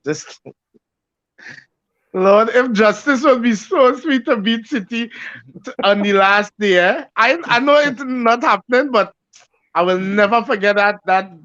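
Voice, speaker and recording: Man, opinionated co-host, very high, dry lo-fi sound. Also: measured pace, a bit bright, no echo. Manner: emphatic, opinionated. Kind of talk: casual football chat. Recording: dry dull lo-fi audio.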